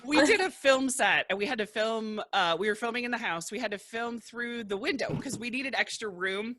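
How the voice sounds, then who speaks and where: A woman's voice: on the high side, brisk, pushed and bright, no echo, clean studio sound. A woman hosting a podcast, telling stories with frequent giggles and casual swearing. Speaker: podcast host. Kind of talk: casual chat.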